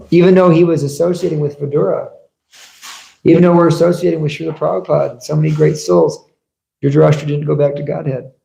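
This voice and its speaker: Gravelly-voiced man giving a temple sermon. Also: on the high side, dark tone. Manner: storytelling, asks the audience rhetorical questions. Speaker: speaker giving a scripture class. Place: temple hall. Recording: echoey room.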